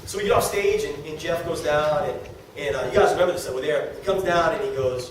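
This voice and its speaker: A middle-aged man giving a motivational talk to a live audience about network marketing, excitable, repeating words and laughing as he talks. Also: fairly high pitch, fast. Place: meeting room with an audience. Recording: echoey room, distant mic, background noise.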